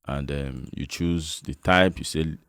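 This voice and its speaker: A man's voice: very deep voice, steady tone, takes it slowly, vocal fry, a bit bright, clear, resonant tone, dry recording, studio quality. A man with a Nigerian accent hosting a casual finance tutorial, chatty and coaxing, often checking that the listener follows along. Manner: chatty, repeats "you understand?", coaxing. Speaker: investment channel host.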